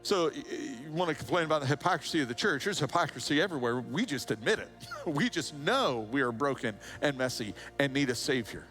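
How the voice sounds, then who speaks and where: A man's voice: medium pitch, a little fast, soft background music. A man preaching a sermon as pastor, telling a Bible story with humorous asides and acted-out voices. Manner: animated storytelling, acts out voices and a rooster crow.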